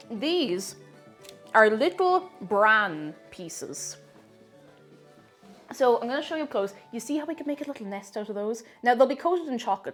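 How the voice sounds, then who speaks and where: Playful, chatty woman streamer. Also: medium pitch. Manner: chatty and playful, greets viewers by name. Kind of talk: casual chat while baking on a live stream.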